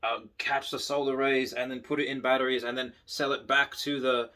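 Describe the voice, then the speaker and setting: A man's voice: mid-range voice, little pitch movement, brisk, bright, forceful tone, natural voice. A man putting on an Australian accent to imitate an upbeat entrepreneur. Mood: salesy. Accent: put-on Australian.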